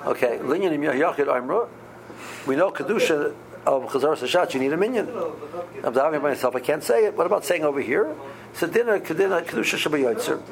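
A man, teaching a halacha class in a halting way, with many ums and restarts. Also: fairly high pitch, animated, a crowd in the background, rough recording. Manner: halting, many ums and restarts, mixes Hebrew and Aramaic terms. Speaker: Torah teacher. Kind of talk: halacha class explaining Jewish law.

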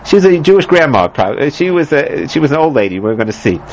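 A man's voice: fairly high pitch, sing-song, fast, slight background noise. A man teaching a scripture lesson, rambling with many fillers, restarts and joking asides, in a dull lo-fi recording. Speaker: Bible teacher. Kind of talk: lecture on scripture.

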